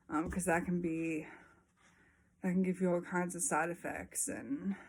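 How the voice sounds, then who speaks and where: A young woman speaks plainly and candidly to her viewers, sharing personal experience. She talks slowly, her voice sitting a little low, and she fills her pauses with frequent ums. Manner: frank and unhurried, frequent ums. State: a little out of breath. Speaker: vlogger. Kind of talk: casual personal talk to camera.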